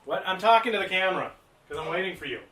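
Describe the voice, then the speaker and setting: A man's voice: high voice, animated, very fast, bright, forceful tone. A man co-hosting a live podcast stream, chatting casually and poking fun at himself while he fills time. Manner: rambling and self-mocking. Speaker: podcast co-host.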